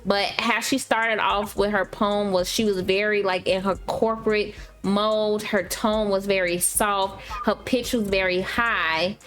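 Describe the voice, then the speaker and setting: A woman co-hosting a podcast in casual chat, thoughtful and unhurried, often trailing off with fillers. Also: mid-range voice, steady tone, a bit bright. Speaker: podcast co-host.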